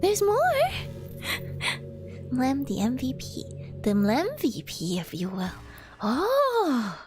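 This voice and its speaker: A woman's voice: medium pitch, very animated, slow pace, music in the background. A woman live-streaming, chatting casually and reading chat aloud, gushing with delight and giggling often.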